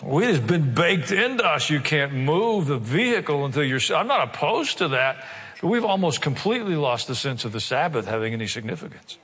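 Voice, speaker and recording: A man preaching a sermon as pastor, earnestly asking his congregation rhetorical questions and slowing down to stress key points. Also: a little high, very animated, fairly bright tone, husky, in a large hall. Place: church sanctuary.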